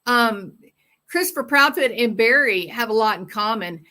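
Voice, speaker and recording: A woman's voice: fairly high pitch, animated, moderate pace, pushed and bright. A woman hosting a true-crime livestream, chatting casually and reading viewer comments with sarcastic, rambling asides.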